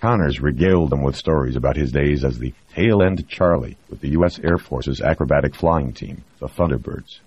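A man reading a novel aloud in a steady, measured scripted narration. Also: very deep voice, husky, no echo. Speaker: audiobook narrator. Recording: dry, dull lo-fi recording.

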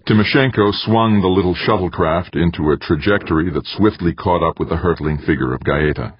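A man reading a novel aloud as audiobook narrator in an even, measured way. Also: sits low, husky, no echo. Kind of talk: scripted narration. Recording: dry, slightly dull lo-fi sound.

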